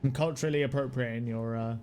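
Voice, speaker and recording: A young British man streaming a game, rambling casually, swearing freely, laughing often and shouting at the game now and then. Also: mid-range voice, fairly even intonation, quick pace, slight background noise. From United Kingdom. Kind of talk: casual live-stream chat while gaming.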